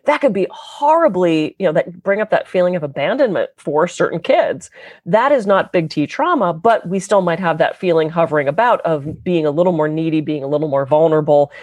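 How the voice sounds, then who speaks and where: A woman's voice: lowish voice, animated, brisk, a little mellow, no room sound. A woman guest speaking as a therapist, explaining her work in an earnest, conversational way. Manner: earnest, explanatory, slips into quoted voices.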